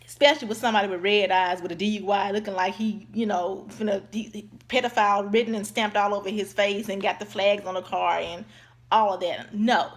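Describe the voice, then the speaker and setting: A woman vlogger tells a casual, lively story at a brisk pace in a medium-pitched voice. She acts out others' voices and calls her viewers y'all throughout.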